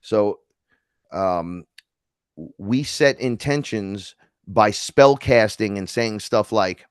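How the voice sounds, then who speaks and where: Male podcast guest from New York, casual storyteller, low voice, dry close sound, lively quoted voices. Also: slow pace, smooth, dry recording. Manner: animated, acts out quoted voices, swears freely.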